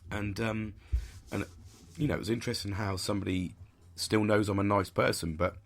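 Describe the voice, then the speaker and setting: At normal speed, this podcast host speaks in a voice on the low side with fairly even intonation. His candid monologue is blunt and intense, heavy with swearing as he drives his arguments home.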